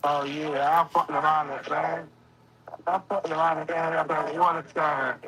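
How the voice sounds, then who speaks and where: A woman talking loudly and brashly on a speakerphone call, dropping curses as she goes. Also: low-pitched, fairly even intonation, moderate pace. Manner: loud, brash, profane. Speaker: caller on speakerphone. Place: busy nightlife venue. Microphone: phone on speaker. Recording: phone call with crowd behind. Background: crowd noise.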